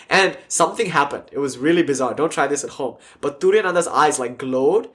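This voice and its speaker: This man's voice sits on the high side, and he talks fairly quickly. Lecturing casually as a spiritual teacher, he brings his stories to life and performs the quotes, addressing a class joined by online listeners.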